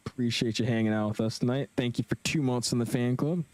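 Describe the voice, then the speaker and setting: A young man casually commentating his flight simulator live stream, chatting with viewers in a relaxed, slangy way. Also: mid-range voice, fast, dry recording. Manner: laid-back, chatty, slangy, reads chat aloud.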